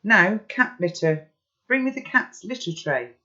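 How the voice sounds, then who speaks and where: A man voicing an urgent, bossy young boy who barks loud, clipped commands in a raised voice. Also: high voice, sing-song, a little slow, lo-fi sound, voice pushed up, heavily acted. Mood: urgent commanding.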